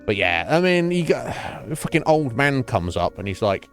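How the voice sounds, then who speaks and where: A young man streaming, telling a profane, animated story about a coffee job and acting out the people in it. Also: medium pitch, fairly quick, hardly any pauses, faint music behind. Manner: profane, animated ranting with voiced quotes. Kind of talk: ranting story while streaming a game.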